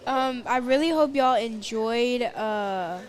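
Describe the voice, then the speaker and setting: A woman with a Texan accent co-hosting a live archery stream, speaking hesitantly with many fillers. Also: on the high side. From Texas. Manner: hesitant, filler-heavy, slow wrap-up talk. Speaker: livestream co-host. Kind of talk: casual live commentary chat.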